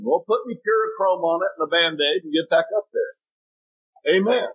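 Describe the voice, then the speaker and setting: A man preaching a sermon, telling folksy stories with sudden jumps in pitch. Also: normal speed, husky. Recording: tinny phone-like audio.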